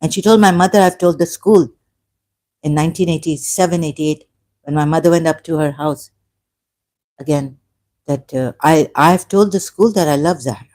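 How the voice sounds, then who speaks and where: A woman in her fifties telling her personal story, emotional and halting, rambling with restarts and self-corrections. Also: low-pitched, darkish tone. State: emotional, close to tears.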